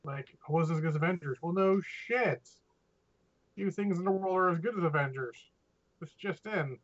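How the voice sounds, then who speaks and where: Opinionated, swearing male podcast co-host; slightly high voice, muffled lo-fi recording. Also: moderate pace. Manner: opinionated, profane, rambling. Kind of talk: casual chat. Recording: dull lo-fi audio.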